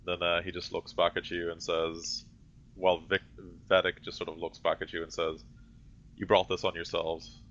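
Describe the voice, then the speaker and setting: A man's voice: low voice, completely flat delivery, normal speed, a bit bright, a little hiss or hum. A man narrating as game master, hesitant and full of fillers. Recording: dull lo-fi audio.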